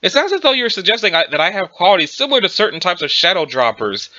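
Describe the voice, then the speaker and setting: A man's voice: high voice, sing-song, quick pace, sharp tone, dull audio, full character voice. A man voicing a prim young female vampire who talks in a formal, long-winded, touchy way. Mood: indignant.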